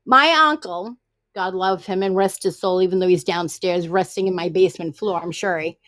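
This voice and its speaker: A middle-aged woman with a Boston accent, chatting casually on a live stream through a headset and telling stories full of quick wisecracks. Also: lowish voice, fairly bright tone, no room sound. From Massachusetts. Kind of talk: casual chat.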